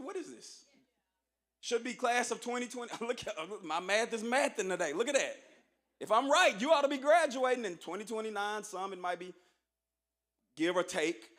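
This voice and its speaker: A man's voice: high voice, fairly bright tone. A man giving a rousing, preacher-like motivational speech to new students in a large auditorium. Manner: preacher-like, emphatic, calls for audience response. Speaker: university administrator speaking at orientation.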